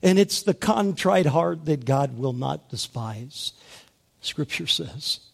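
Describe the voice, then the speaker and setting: A male preacher giving a sermon, moving between hushed, gentle passages and loud, rising emphasis, drawing out key words slowly. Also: fairly high pitch, lively intonation, gravelly, slightly rough. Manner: slow, deliberate delivery with drawn-out key words.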